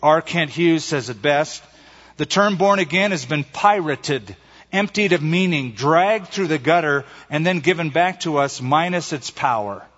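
A man's voice: fairly high pitch, animated, fairly bright tone. Preaching man in a reverberant hall. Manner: emphatic preaching, slowing down to stress key phrases. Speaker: pastor. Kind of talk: sermon. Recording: muffled recording in a reverberant hall.

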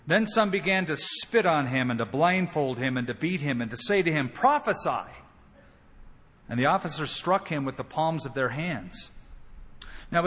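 A man preaching a sermon, acting out the quoted lines as he retells the story. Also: medium pitch. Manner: expressive, acts out quoted lines. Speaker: pastor. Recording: long hall reverb.

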